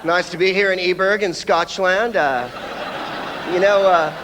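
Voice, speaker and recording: Sardonic American stand-up comedian. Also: male voice, sits high, fairly even intonation, a little slow, in a large hall, noisy background. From United States. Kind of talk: stand-up routine. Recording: live stage in a theatre with audience.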